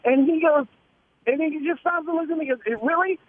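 A man's voice: very high-pitched, fairly even intonation, quick pace, no room sound. A man calling in to a radio show, telling a rambling, self-mocking comic story with stammers and laughs over a phone line. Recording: tinny phone line with studio talk behind.

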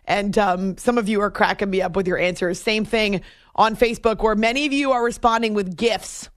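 A woman's voice: medium pitch, steady tone, brisk, dry recording. Female radio host from New Hampshire, casual and chatty, laughs easily, dry studio sound. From New Hampshire, USA. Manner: chatty, laughs often, reads listener messages. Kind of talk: casual late-night radio chat.

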